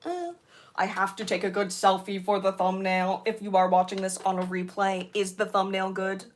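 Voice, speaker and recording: Bubbly young woman streamer, slightly hoarse. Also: medium pitch, moderate pace, slight background noise. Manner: bubbly, playful, rambling. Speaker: livestreamer. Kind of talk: casual livestream chat.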